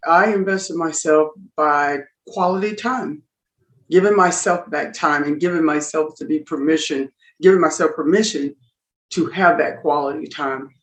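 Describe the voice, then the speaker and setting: A middle-aged woman telling a story as a podcast guest, emphatic and animated, acting out the dialogue as she goes. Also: deep voice, normal speed. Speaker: guest entrepreneur. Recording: roomy echo.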